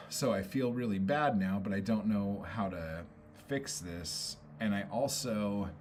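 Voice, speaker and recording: A man's voice: on the low side, a little slow, a little mellow, faint music behind. A man venting on a casual livestream, frustrated and rambling, swearing often and filling gaps with "um" and "like". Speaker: poet and streamer.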